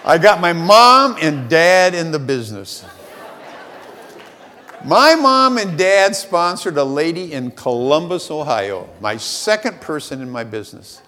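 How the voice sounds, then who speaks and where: Animated high-voiced man telling a story. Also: big-room sound. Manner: animated, self-mocking storyteller. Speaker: speaker at a sales convention. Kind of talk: motivational storytelling speech.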